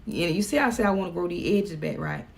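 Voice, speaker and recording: A woman's voice: on the low side, fast, gravelly, a little mellow. A middle-aged woman vlogging from home, chatting casually and laughing as she talks to her viewers.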